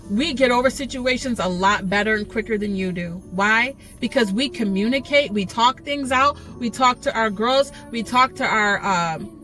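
A woman's voice: fairly high pitch, fairly bright tone. A woman giving a passionate, earnest devotional talk to camera, pleading and repeating words for emphasis. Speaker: Christian video teacher.

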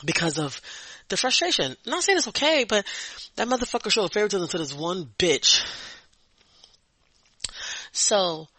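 A young adult man tells a story on his podcast. He swears freely and stumbles over repeated words as he vents. His voice is bright and pushing, with a dry sound and no room echo. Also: high-pitched, very animated, normal speed, long pauses, breathy edge. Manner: profane, blunt, repeats words while venting. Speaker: podcast host. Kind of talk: casual storytelling monologue.

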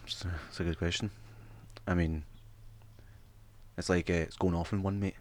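A man's voice: low-pitched, flat delivery. A Scottish man in his thirties co-hosting a podcast, swearing freely and laughing as he tells stories. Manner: sweary, laughing, fast storytelling. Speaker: podcast co-host. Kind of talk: casual chat.

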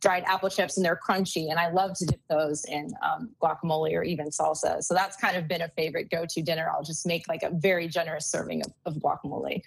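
Young female guest, lower register, dry close sound, easygoing chat with frequent fillers. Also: fast talker, gravelly, few pauses, husky, dry recording, poor audio. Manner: relaxed, lots of "um" and "like". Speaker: nutritionist guest. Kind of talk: casual interview chat.

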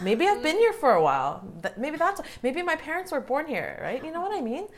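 Young woman, host of a casual panel, animated with a wide-ranging voice. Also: high-pitched, quick pace, hardly any pauses. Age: young adult. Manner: animated, laughing, says "like" a lot. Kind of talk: casual group discussion.

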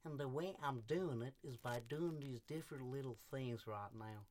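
Young dude rambling on, swears a ton, gets animated. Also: male voice, mid-range voice, moderate pace. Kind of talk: casual chat.

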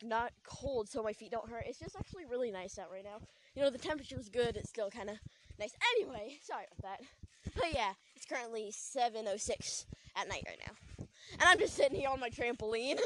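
A young woman with a high, light voice rambles through a story for her podcast, filling it with likes and ums. She is recorded sitting outdoors at night, and steady noise runs under her voice. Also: low-quality recording. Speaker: podcast host. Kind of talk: casual storytelling chat.

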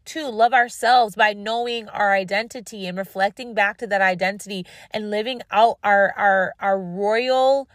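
On her faith podcast, a woman speaks at a moderate pace and medium pitch with hardly any pauses, in a dry, clean studio recording. She sounds weary and dry-mouthed as she earnestly repeats phrases in a devotional talk before praying out loud.

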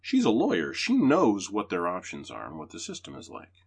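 A man with a lowish, gravelly, husky voice talks a little fast while hosting a podcast. He reviews movies in a casual chat, swearing freely as he gives an animated, profane retelling.

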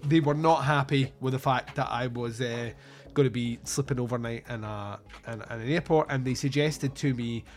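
A man's voice: medium pitch, normal speed, soft background music. A Scottish man from Scotland chatting casually about films, rambling through anecdotes and swearing freely.

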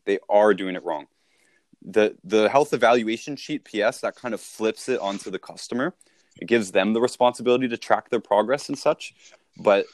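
Low-voiced man coaching emphatically. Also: no room sound. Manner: emphatic, punchy, peppered with "right?". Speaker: sales coach. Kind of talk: casual podcast conversation.

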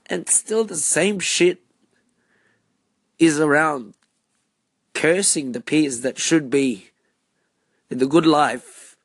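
A man giving a personal monologue, asking repeated rhetorical questions in a measured, deliberate way. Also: a little high, no room sound.

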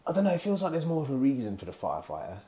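Low-voiced male host, mellow tone, lively rising-and-falling delivery, relaxed chat. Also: rapid-fire. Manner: relaxed, reflective, questioning. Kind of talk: casual chat.

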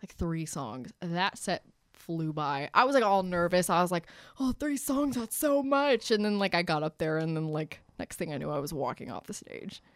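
A woman's voice: low voice, moderate pace, smooth, no echo, studio quality. A young woman from New Jersey, a guest in a casual interview, chatty with many fillers and laughs.

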